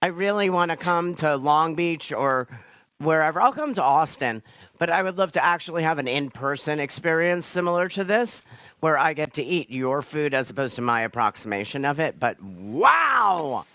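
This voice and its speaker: A woman hosting a live online cooking show from her kitchen over a video call, chatty, joking and excitable. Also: low voice, normal speed, no room sound.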